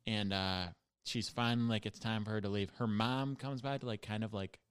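A young man from Buffalo chats as a podcast guest, laughing often as he tells his story. His voice sits low and comes across smooth and clear. The sound is close and dry. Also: steady tone, a little fast, no room sound. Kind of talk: casual chat.

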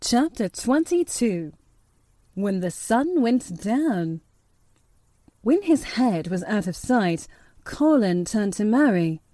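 A woman narrating a storybook in a measured, steady reading voice. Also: mid-range voice, no room sound. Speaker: audiobook narrator.

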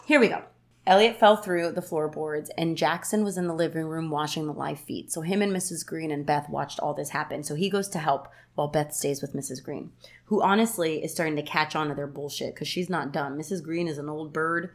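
A woman with a slightly low voice tells a story on a casual podcast. She talks in a chatty way, dropping "like" often and switching into livelier voices for the characters. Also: brisk. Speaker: podcast co-host retelling a film plot.

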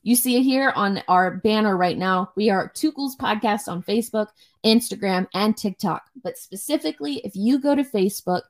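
A young woman co-hosts a podcast and chats loosely during a livestream. Her talk wanders from one thing to the next, full of restarts and casual swearing. Her voice sits at an ordinary middle pitch for a woman. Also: normal speed, few pauses. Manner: chatty, rambling, swears freely. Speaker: podcast co-host.

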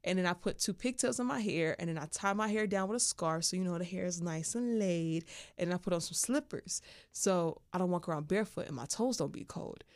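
A woman's voice: on the low side, brisk, dry recording, clean studio sound. A woman hosting a podcast and telling a candid, playful story in casual chat full of slang. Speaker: podcast host.

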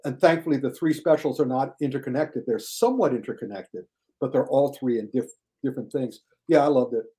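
Animated older man chatting, mellow tone. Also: brisk. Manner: animated, mocks critics in high shouted voices. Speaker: guest film critic. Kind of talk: casual podcast chat.

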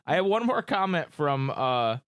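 A man's voice: fairly high pitch, very animated, normal speed, fairly bright tone, clear, resonant tone, no room sound, studio quality. A man hosting a podcast in a casual, chatty and enthusiastic way, hyping up his guests. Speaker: podcast host.

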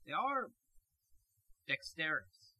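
A man joins a casual comedic chat in a high, very bright voice. His delivery swings up and down as he teases and questions with dry quips. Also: big pitch swings, takes it slowly. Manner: skeptical, teasing, dry quips.

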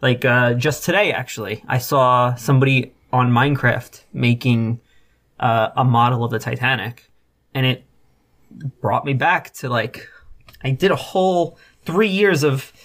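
A man's voice: mid-range voice, unhurried, fairly bright tone. A young man co-hosting a casual podcast, rambling with lots of fillers and casual swearing. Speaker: podcast co-host. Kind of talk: casual chat.

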